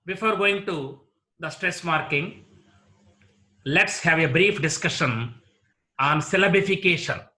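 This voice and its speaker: A man with an Indian English accent, teaching a lecture on word stress and repeating each example word slowly. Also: a little high, pushed and bright. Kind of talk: slow explanatory lecture.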